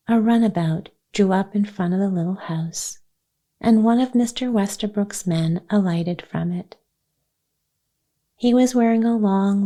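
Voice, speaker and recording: A woman gently narrating a children's chapter book as a soothing bedtime story for sleep. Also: mid-range voice. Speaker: audiobook narrator.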